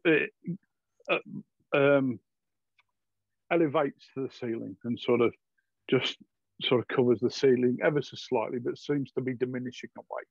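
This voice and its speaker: Gravelly husky game master, lo-fi. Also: male voice, mid-range voice, steady tone, no echo. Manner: halting, filler-heavy descriptive narration. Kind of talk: narrating a tabletop game. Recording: dull lo-fi dry sound.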